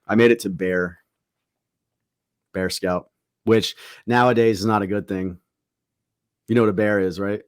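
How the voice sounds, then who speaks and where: A man hosting a podcast, telling stories in a loose, profane, animated way and acting out the people in them. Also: fairly low pitch, a little slow, long pauses, clear, resonant tone, dry recording, clean studio sound. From Tampa, Florida. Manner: profane, animated storytelling with acted quotes. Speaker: podcast host. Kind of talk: casual storytelling chat.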